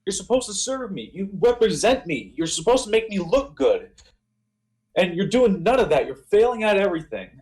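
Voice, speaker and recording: A man's voice: high-pitched, big pitch swings, moderate pace, darkish tone, poor audio. A man doing a scornful arrogant wrestler. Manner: belittling, scornful. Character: arrogant male wrestler berating his servant.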